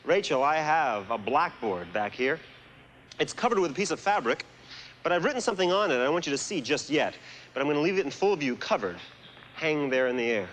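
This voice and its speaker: A man hosting a stage magic show, leading an audience volunteer with playful, smooth patter. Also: fairly high pitch, lively intonation, fairly quick, a little hiss or hum. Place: theater stage before a live audience. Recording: live TV broadcast with a loud crowd. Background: audience applause and music.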